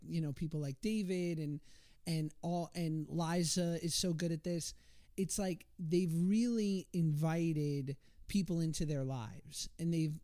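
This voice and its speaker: A man's voice: a little high, darkish tone, no echo. A man in his thirties telling stories as a podcast guest, chatty and self-deprecating, with many restarts. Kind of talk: casual storytelling on a podcast.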